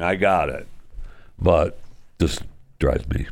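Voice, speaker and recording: A man's voice: on the low side, expressive, moderate pace, fairly bright tone, no echo, studio quality. A man hosting a talk show, delivering a casual monologue with chatty, opinionated asides and wry humor. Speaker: radio show host.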